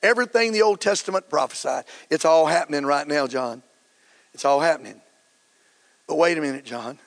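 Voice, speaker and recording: A middle-aged male pastor delivers a sermon with fervent energy. His voice sits a little high for a man and swells into shouted emphasis, and he acts out quoted lines as he goes. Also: brisk, vocal fry.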